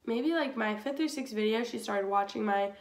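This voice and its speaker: Young woman, highish voice, chatty storytime vlog, filler-heavy, echoey dorm room. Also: normal speed, vocal fry. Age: young adult. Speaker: YouTuber. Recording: roomy echo.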